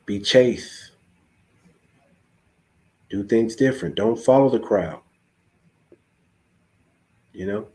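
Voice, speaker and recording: A man's voice: fairly low pitch, takes it slowly, pauses often, darkish tone. A man hosting a podcast, exhorting his listeners in a preachy tone and driving every point home with repeated phrases. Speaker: podcast host. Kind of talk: casual preachy podcast talk.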